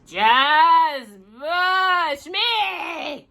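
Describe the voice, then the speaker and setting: A young boy from a storybook, anxious and urgent, as a woman reading aloud puts him on. His voice rides high and bright, leaping about as he frets. He sounds like a worried kid. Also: big pitch swings, very slow, exaggerated voice. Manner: nervous, urgent.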